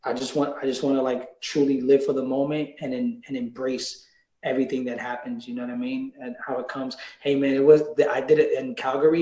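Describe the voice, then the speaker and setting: A man's voice: mid-range voice, darkish tone, roomy sound, poor audio. A man, a rapper guest in an interview, talking casually and laid-back, swearing freely with many fillers.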